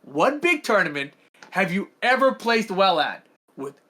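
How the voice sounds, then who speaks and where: Man, podcast co-host, bright forceful voice, quick emphatic storytelling. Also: high-pitched, sing-song. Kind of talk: casual gaming podcast chat.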